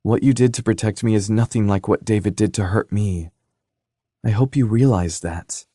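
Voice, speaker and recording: A man voicing a shaken young woman in an audiobook, speaking earnestly and softly. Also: fairly low pitch, normal speed, no echo, studio quality, pitched above the performer's own voice, natural voice. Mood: shaken, tender. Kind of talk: audiobook character voice.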